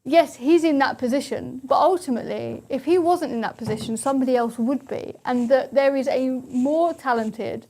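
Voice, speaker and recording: A woman's voice: high voice, moderate pace, few pauses, dark tone, a little hiss or hum. Young woman guest on talk radio. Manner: earnest, makes her case in long run-on sentences. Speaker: studio guest. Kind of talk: casual talk radio discussion.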